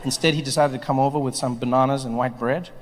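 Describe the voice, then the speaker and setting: A man performing a stand-up comedy set, telling stories in an animated, playful way on a handheld stage mic at a live venue. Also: medium pitch, fast talker, long reverb tail, a little hiss or hum.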